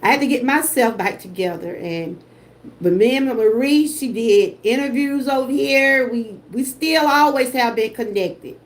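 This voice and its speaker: A woman's voice: a little high, measured pace. A woman with a Southern US accent hosting a casual livestream, emotional and effusive as she greets the people in her chat. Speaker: host.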